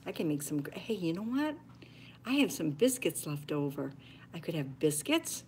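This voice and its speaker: A woman's voice: low voice, animated, normal speed, darkish tone, a little hiss or hum. Chatty older woman cooking on a home live stream. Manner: chatty, homey, talks to viewers while cooking, drops to a near whisper at times. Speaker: homestead cooking vlogger. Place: home kitchen.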